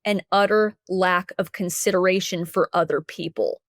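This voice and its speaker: A woman voicing a kind, warm middle-aged school counselor who speaks gently and soothingly. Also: on the low side, steady tone, moderate pace, dry recording, clean studio sound, lightly acted. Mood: earnest.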